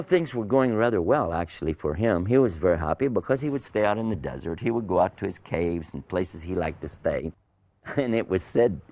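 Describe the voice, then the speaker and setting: A man's voice: sits low, mellow, dry recording. An older man telling a religious story to children in a folksy, conversational way, often asking his listeners questions.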